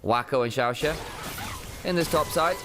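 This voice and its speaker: A man casting a pro game with quick play-by-play calls and silly, rambling asides. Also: mid-range voice, background noise. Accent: English. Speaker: esports caster. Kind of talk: play-by-play esports commentary. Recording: music bed under the voice.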